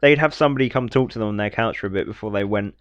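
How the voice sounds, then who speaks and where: A man's voice: lowish voice, rapid-fire, clean tone, no echo. Mocking man on a dull, dry recording. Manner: swearing, mocking, acts out quotes. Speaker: podcast co-host. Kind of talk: casual chat.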